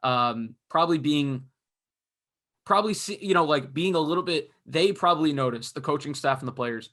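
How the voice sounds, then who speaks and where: A man's voice: on the high side, normal speed, fairly bright tone. A young man co-hosting a casual hockey podcast, talking through games in a rambling way full of fillers and restarts. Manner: rambling, filler-heavy analysis. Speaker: podcast co-host. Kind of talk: casual sports chat.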